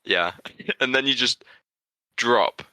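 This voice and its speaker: A man's voice: mid-range voice, slow, pushed and bright, no room sound, poor audio. A man co-hosting a podcast, laid-back and hesitant with many fillers in casual chat. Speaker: podcast co-host.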